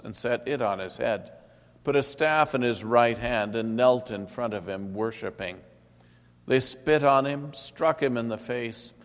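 Male scripture reader, measured and declamatory, with hall reverb. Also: on the low side. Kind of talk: liturgical scripture reading.

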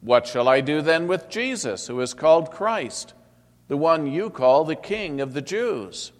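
A man's voice: a little high, lively intonation, measured pace, pitched above the performer's own voice. Governor figure read by a man: insistent, pleading, hall reverb. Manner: raised, insistent questioning. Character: Roman governor, troubled and pleading.

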